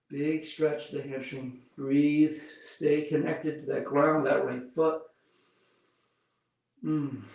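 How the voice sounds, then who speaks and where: Guy teaching yoga, slow calm cues, really echoey room, mic kinda far off. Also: a little high, gravelly. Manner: calm, unhurried cues, talking while demonstrating poses. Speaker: yoga instructor. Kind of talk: guided yoga class instruction. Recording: roomy echo, mic far off.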